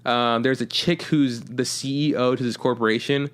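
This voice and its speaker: A man's voice: medium pitch, fairly even intonation, normal speed, a bit bright, clean tone. A man hosting a podcast in casual chat, rambling with lots of fillers and swearing freely. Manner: rambling, profane, filler-heavy. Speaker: podcast host.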